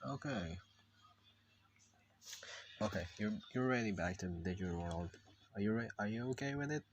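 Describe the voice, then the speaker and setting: A man's voice: lowish voice, expressive, normal speed, a little hiss or hum. A man giving casual commentary while drawing, swearing and mock-scolding the character he draws. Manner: profane, mock-scolding, talks to his drawn character. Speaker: video creator drawing on screen.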